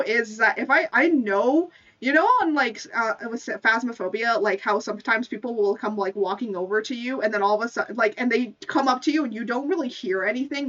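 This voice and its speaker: A woman with a somewhat high, slightly bright voice chats with her stream audience in a casual way. She keeps giggling and saying "like," while the faraway, dull-sounding mic also picks up faint music.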